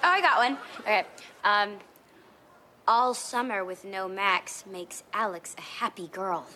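An actress playing a mischievous, sarcastic teenage girl in a sitcom, teasing and quick with a putdown. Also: medium pitch, natural voice. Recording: sitcom set with background noise.

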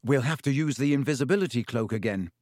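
A man's voice: medium pitch, fast, no room sound, studio quality, close to an everyday voice. A man voicing a firm, determined teenage wizard. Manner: firm, quiet. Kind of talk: audiobook reading.

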